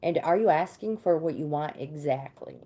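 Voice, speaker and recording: A woman's voice: low-pitched, dark tone. Chatty woman reading tarot cards live. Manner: chatty, greets viewers by name between readings; reads card meanings aloud with pauses and fillers. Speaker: tarot card reader and livestream host.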